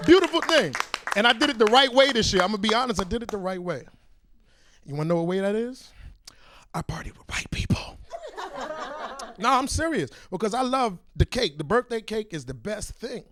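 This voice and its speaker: A male stand-up comedian on a club stage, telling animated stories straight to the crowd through a handheld mic. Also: high voice, a little fast, noisy background. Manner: boisterous, animated storytelling, direct to the crowd.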